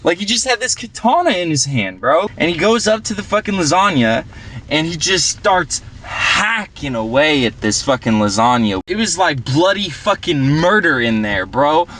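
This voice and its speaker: A man playing a rambling young party dude, profane, slangy, full of fillers, a bit high-pitched. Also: very animated, normal speed, a bit bright. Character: young male party-goer, rambling storyteller. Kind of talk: casual film dialogue.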